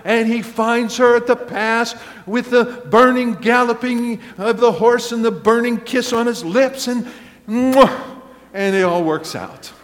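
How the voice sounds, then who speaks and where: A man's voice: extremely high pitch, measured pace. A male pastor preaching a sermon, telling stories animatedly with acted quotes and chuckles. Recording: long reverb of a large hall.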